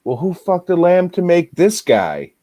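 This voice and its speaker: Give me a relaxed man reviewing movies on a podcast, slow and unhurried, dry close sound. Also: high voice, no room sound. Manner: laid-back, swears a lot, laughs while retelling. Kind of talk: casual movie review chat.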